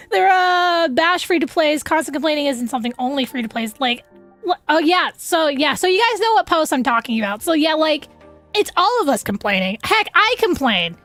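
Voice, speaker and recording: A young woman with a very high voice chats casually on her stream, rambling and blunt and breaking into giggles at her own jokes. Music plays softly in the background. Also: animated, fairly quick. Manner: rambling, giggly, frank, swears freely.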